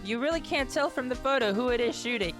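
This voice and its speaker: Young woman, streamer, sarcastic game commentary, higher voice, game music behind. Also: expressive, quick pace. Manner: sarcastic, swears freely, laughs a lot.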